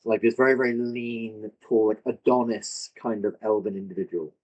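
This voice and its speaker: A man's voice: lowish voice, fairly even intonation, moderate pace, hardly any pauses, darkish tone, rough recording. A man narrating as game master, describing scenes with many fillers and self-corrections. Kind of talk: improvised tabletop narration.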